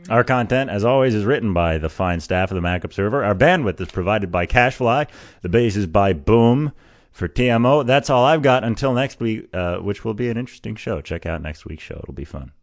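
A man's voice: lowish voice, animated, a little fast, no echo. A man hosting a podcast and testing microphones, talking casually in a rambling, self-correcting way, right up on a studio mic with a pop filter. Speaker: podcast host. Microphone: studio microphone, very close with pop filter.

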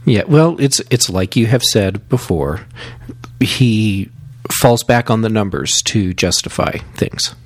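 A man's voice: fairly low pitch, expressive, takes it slowly, dry recording. A man co-hosting a casual tech podcast with a wry, agreeable manner. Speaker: podcast co-host.

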